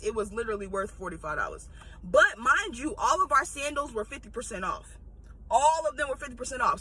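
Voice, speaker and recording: A high, bright woman's voice with a breathy edge, talking in a casual storytime. She swings her pitch widely and tells it bluntly, laughing and swearing freely. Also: poor audio.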